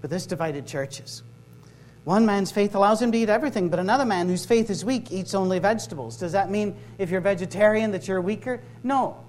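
A middle-aged man with a Scottish accent giving a humorous sermon-style talk to a live audience, conversational and full of quick asides. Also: high voice, darkish tone. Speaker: campus ministry speaker. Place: workshop room with a live audience.

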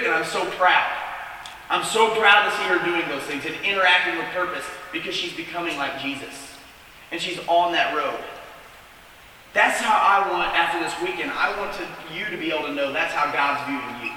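A middle-aged man preaching a sermon, his high, very bright voice ringing through a big echoey hall. He sounds a little distant from the mic, with a faint hiss behind him. His delivery is impassioned, moving from loud urgency to soft earnestness. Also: a little fast. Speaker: campus minister.

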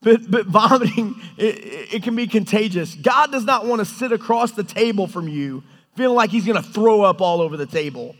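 Animated male preacher with a high voice, in a reverberant hall. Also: a little fast. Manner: animated, storytelling, acts out God's lines. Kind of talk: sermon.

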